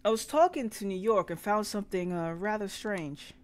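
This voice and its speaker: A woman voicing a calm small-town male sheriff in a story game, with a slow put-on drawl. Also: mid-range voice, close to an everyday voice.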